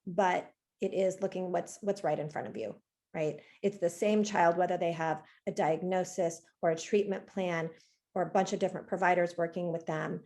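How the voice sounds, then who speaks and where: A woman therapist talking in a relaxed, reflective way in a webinar, acting out parents' worries as she goes. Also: on the low side, normal speed. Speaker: therapist guest. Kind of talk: webinar talk.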